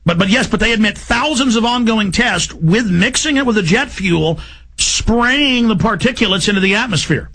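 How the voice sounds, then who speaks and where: A male radio host ranting in an agitated, heated way, breaking into shouting bursts. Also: high voice, lively intonation, moderate pace, a little hiss or hum. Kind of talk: heated talk radio rant.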